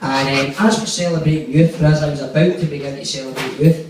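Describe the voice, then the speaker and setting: A young man performs stand-up, working through a rambling anecdote full of swearing and acted-out quotes. His voice sits slightly high. The recording is distant and very echoey, with a faint hiss underneath. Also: fairly even intonation, quick pace. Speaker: stand-up comedian. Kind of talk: stand-up storytelling. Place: comedy club stage. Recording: echoey room from far off.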